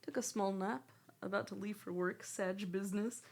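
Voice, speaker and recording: A woman's voice: medium pitch, steady tone, normal speed, vocal fry. A young woman streamer chatting casually with her viewers and cooing baby-talk at her cat.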